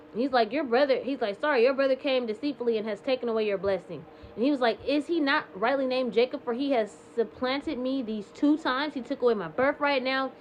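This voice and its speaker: A woman's voice: high-pitched, slight background noise. Chatty woman retelling Bible stories. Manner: chatty paraphrase with frequent "like" and "um". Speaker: Bible reading vlogger. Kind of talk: casual retelling of scripture.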